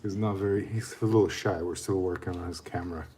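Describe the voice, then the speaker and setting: A man's voice: low-pitched, steady tone, fast talker, mellow. A man talking to a pet dog in playful baby talk, helping his partner with a live tarot stream. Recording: distant voice, noisy room.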